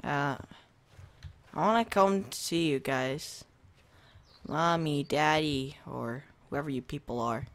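Animated, jumpy let's-play gamer voice. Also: medium pitch, slow. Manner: chatty, jumpy reactions to scares; talks to the viewers and to himself while playing. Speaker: gaming video host. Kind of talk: casual let's-play commentary. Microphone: desk microphone.

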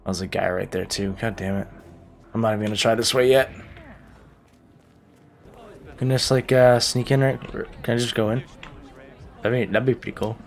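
A man's voice: medium pitch, steady tone, normal speed, vocal fry, long pauses, soft background music. A man giving joking, profane gameplay commentary, talking to himself as he plays. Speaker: gaming YouTuber.

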